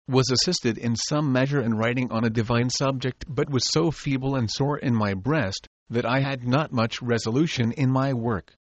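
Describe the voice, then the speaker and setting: A man of middle pitch reads an old devotional diary aloud, steady and solemn. The sound is dry and close with no room around it, on a slightly muffled lo-fi recording. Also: dry recording. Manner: measured, solemn, devout reading. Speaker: audiobook narrator.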